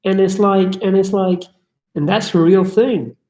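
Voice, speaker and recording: A man's voice: high-pitched, steady tone, unhurried, dark tone. Blunt, echoey livestream host, man. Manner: blunt, swears, reads chat aloud and riffs. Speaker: livestream host answering chat questions. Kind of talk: casual livestream chat. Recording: echoey room.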